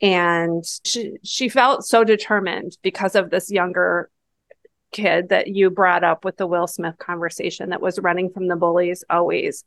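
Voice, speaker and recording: A woman's voice: on the low side, steady tone, moderate pace, creaky, dry recording. A woman co-hosting a book podcast, talking things through in an earnest, reflective way. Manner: reflective, earnest, thinks aloud. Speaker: podcast co-host. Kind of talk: casual book-club chat.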